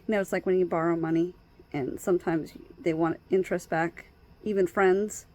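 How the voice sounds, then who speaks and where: Hesitant low-voiced woman talking to camera. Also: steady tone, moderate pace, darkish tone. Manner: hesitant, many ums and restarts. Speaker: vlogger. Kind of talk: casual personal talk to camera. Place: outdoors at night by her door.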